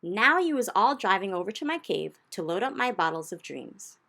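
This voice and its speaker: A woman's voice: mid-range voice, sing-song, normal speed, gravelly, bright, forceful tone, full character voice. A woman voicing a huge, kindly old male giant in a storybook reading, who talks with jumbled, homespun grammar. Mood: eager.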